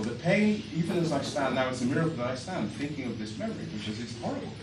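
A man telling a comic story on stage with animated, exaggerated delivery. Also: medium pitch, quick pace, few pauses. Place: storytelling stage before a live audience. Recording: echoey hall from a far mic, audience noise.

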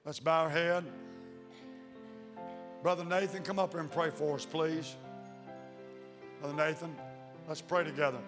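A pastor preaches in a folksy, emphatic manner, his voice pitched a little high. He drops into low, intense tones to press a point. The sound carries a long reverb from the church hall. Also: flat delivery, unhurried, long pauses, music in the background. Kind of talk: sermon. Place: church sanctuary.

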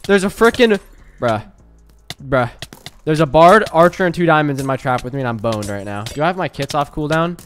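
Young guy gaming, voice jumps all over the place, yells when stuff goes wrong, some music playing under it. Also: mid-range voice. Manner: excitable, quick to rage and yell. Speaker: gaming video host. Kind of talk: live gameplay commentary.

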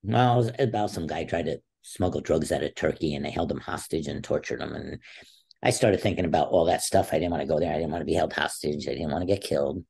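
Brief: man in his 60s, deep and gravelly, dark husky tone, a lively storyteller who acts out quotes. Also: fast talker. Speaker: guest, former wrestler and teacher. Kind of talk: storytelling interview talk.

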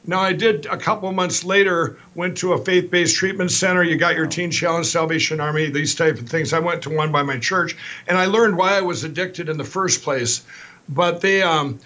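A middle-aged man from Minnesota, a company founder telling his story as a guest, in a rapid, rambling, animated style with many restarts. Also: on the high side.

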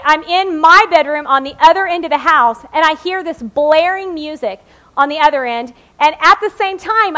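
A woman's voice: very high-pitched, pushed and bright. A woman in her forties preaching a sermon in a chatty, joking way, often checking in with the congregation. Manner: conversational and joking, checks in with "okay?".

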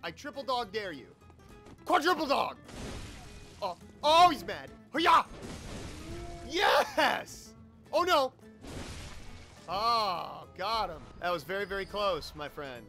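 A man giving excitable, joking let's play commentary, often yelling and swearing at enemies. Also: high-pitched, slow pace, pauses often, faint music behind. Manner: joking, sarcastic asides. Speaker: YouTube gamer.

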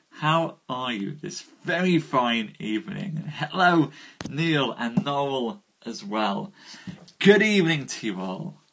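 Husky-voiced man chatting to viewers. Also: medium pitch, slow pace. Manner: warm, jokey, greets viewers by name with lively rises. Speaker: storyteller hosting a live reading. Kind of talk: chatty livestream greetings before a reading. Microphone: phone livestream.

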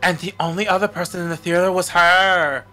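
A man's voice: high-pitched, level tone, fairly quick, pushed and bright, faint music behind. A man voicing a catty, gossipy valley-girl young woman in a game, full of "like". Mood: gushing. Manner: bubbly, lots of "like".

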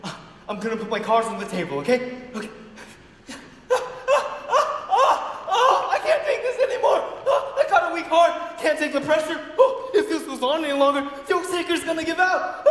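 A man's voice: very high-pitched, sing-song, normal speed, long pauses, fairly bright tone, exaggerated voice. A young man playing a harried theatre producer in a stage musical, fretful and begging. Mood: anxious. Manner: fretful, begging, laughing nervously. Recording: echoey hall with noise.

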